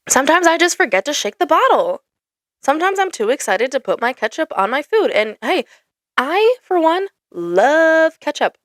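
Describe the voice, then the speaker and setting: Young female host, exasperated casual rant, lively swooping pitch, dry close-miked sound. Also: moderate pace, no echo. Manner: exasperated, lots of "like" fillers. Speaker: podcast host. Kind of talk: casual ranting monologue.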